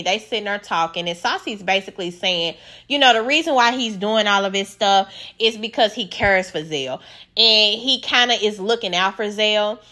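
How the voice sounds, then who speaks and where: A woman hosting a reality TV recap, talking casually in a sassy, opinionated, animated way. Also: a little high.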